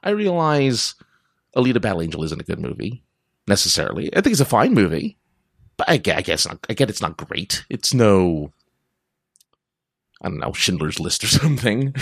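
A deep-voiced man hosts a podcast alone, talking in a loose, rambling way that drifts from tangent to tangent. His pitch swings widely as he goes, and he laughs often. The sound is dry and close. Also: no echo. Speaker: podcast host. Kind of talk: casual rambling monologue.

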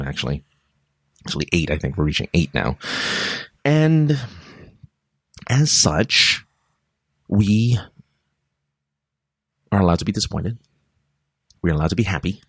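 A man's voice: low voice, breathy edge, no echo, clean studio sound. A man telling a rambling personal story in a casual monologue to his listeners, often cutting himself off mid-sentence. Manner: rambling, self-interrupting, animated storytelling.

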